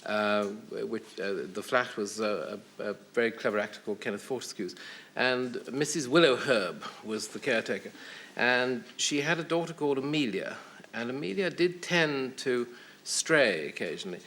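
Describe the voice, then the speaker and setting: A man, a guest on a television chat show, telling anecdotes in a wry, hesitant way with many pauses and fillers. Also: medium pitch, animated, a bit bright. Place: television studio.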